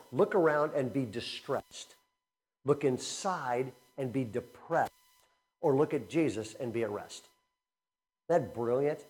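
A man preaching a sermon to his congregation, telling stories with animated bursts and slowing down for earnest, repeated emphasis. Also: medium pitch. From Southern California. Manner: animated storytelling with laughter, then slow earnest emphasis. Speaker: pastor. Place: church before a congregation.

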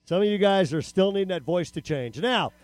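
A man speaking to teenagers at a camp, telling a comic story to a live audience. He is animated, acts out quotes and sound effects, and keeps checking in with a questioning "okay?". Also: high voice, a little fast, dry recording.

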